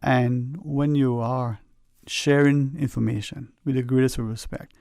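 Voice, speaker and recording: A man's voice: medium pitch, fairly even intonation, unhurried, gravelly, darkish tone, dry recording. A man hosting a radio talk show, rambling and folksy with lots of "you know", earnestly advising listeners from a studio microphone.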